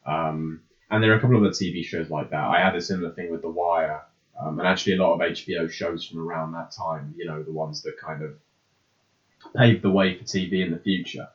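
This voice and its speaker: A man's voice: low voice, fairly even intonation, brisk. A man co-hosting a podcast in casual chat, rambling and hesitant with frequent ums. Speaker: podcast co-host. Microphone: podcast microphone. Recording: roomy, slightly dull lo-fi sound.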